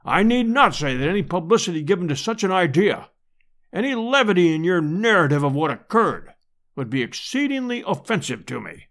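A man voicing a pompous elderly professor who speaks formally and loudly. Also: high voice, very animated, a little fast, full character voice.

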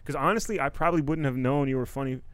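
A man hosting a podcast in loose, casual conversation, mid-pitched and talkative, full of "like" and half-started sentences. He laughs easily. The sound is dry and close, with little room around it. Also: fast talker, clear, resonant tone, no room sound. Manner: loose and talkative, heavy on fillers and restarts; laughs often, voice jumping up when he does. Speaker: podcast host. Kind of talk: casual chat.

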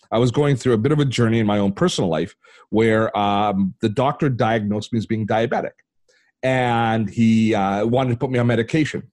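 An older Canadian man who hosts a tech channel appears as an interview guest, telling a personal story. He's an animated storyteller who acts out the voices in his anecdotes, jumping widely in pitch for the quoted dialogue.

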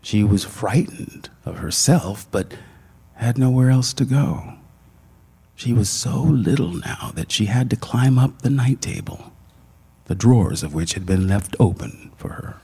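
A man narrating a literary short story in a hushed, dramatic manner. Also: mid-range voice, lively intonation, unhurried, breathy edge.

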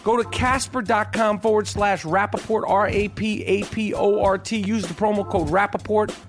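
Soft music plays as this high-pitched podcast host reads an ad and talks sports at a moderate pace, his intonation fairly even. The delivery is brash, crude and rambling, punctuated by frequent "okay?"s.

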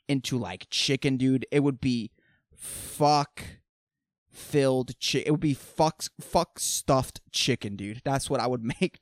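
A young man hosting a solo podcast, ranting with heavy swearing, flipping between loud outbursts and mumbled asides. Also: medium pitch, no room sound, clean studio sound. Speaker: podcast host. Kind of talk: solo comedic rant.

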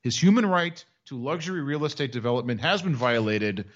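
A man's voice: mid-range voice, expressive, fairly quick, dull audio. A man co-hosting a casual podcast, telling a news story with mocking sarcasm. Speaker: podcast co-host. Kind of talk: casual chat.

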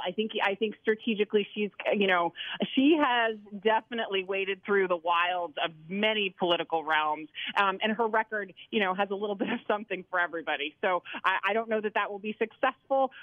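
A woman's voice: medium pitch, no room sound. A woman from California, a political strategist, giving confident, articulate commentary as a guest. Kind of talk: remote interview commentary. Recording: tinny phone line.

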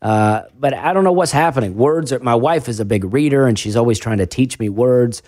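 This Southern comic has a faint accent and a mid-range, slightly mellow voice that moves briskly. Chatting loosely on a podcast, he wanders, mocks himself, and keeps starting over. The sound is studio quality with no room noise.

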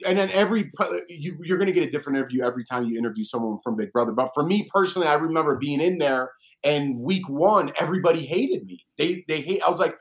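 A man chatting casually as a guest, an animated storyteller who acts out quotes. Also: on the high side, quick pace. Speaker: reality show alum guest. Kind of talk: casual chat.

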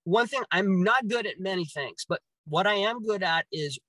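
A man tells a personal story in casual talk, his voice sitting a little high. He is animated, swears freely and acts out his own reactions. The sound is dry and close, with no room around it. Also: normal speed, dry recording, rough recording. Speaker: guest telling a personal story.

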